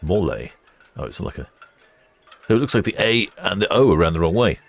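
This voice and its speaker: A man's voice: on the low side, animated, quick pace, faint music behind. A man hosting a live stream, chatting casually, musing aloud and wryly reading out viewer comments.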